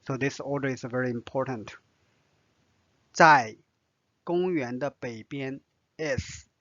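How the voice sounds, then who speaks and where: A man who is a native Chinese speaker, with a Chinese accent, patiently teaches vocabulary at a medium pitch and normal speed, repeating each word and using frequent fillers. The slow lesson has a dull, dry, lo-fi sound with no echo.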